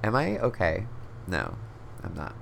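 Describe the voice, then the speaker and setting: Speaking close to the mic on his own podcast, a young man tells a story in a relaxed chat, cursing often, leaning heavily on "like," and laughing between phrases. His voice is low and creaky, a little slow, with pitch that swoops wildly. There's slight background noise.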